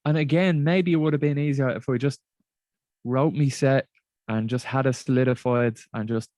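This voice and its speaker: A man, a comedian guest in casual chat, halting and repeating words, colloquial and swearing. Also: mid-range voice, steady tone, a little mellow, dry recording, studio quality.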